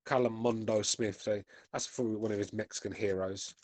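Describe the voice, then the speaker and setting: A man's voice: lowish voice, fairly even intonation, normal speed, darkish tone, no room sound. A British man in his forties hosting a podcast, chatting bluntly and swearing as he reads out chat comments. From United Kingdom. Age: 40s. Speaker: podcast host reading chat. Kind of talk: casual chat.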